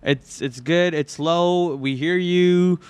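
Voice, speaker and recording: A hoarse man hosting a live trading stream, talking through stock charts in a rambling way with many restarts, on a podcast microphone. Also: on the high side, slow pace, dry recording. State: hoarse, itchy throat. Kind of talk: live market commentary.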